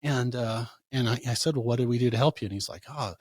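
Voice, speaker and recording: A man, a chiropractor, answering interview questions in a conversational way, telling animated stories and acting out what his patients said. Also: mid-range voice, fast, breathy edge, no room sound, studio quality. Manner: animated storytelling, acts out quoted patients. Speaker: chiropractor guest.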